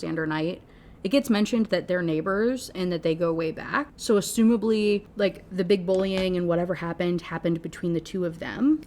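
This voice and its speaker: A woman giving an animated, sarcastic rant review of a novel, swearing freely as she goes. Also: medium pitch. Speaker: book reviewer. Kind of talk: ranting book review.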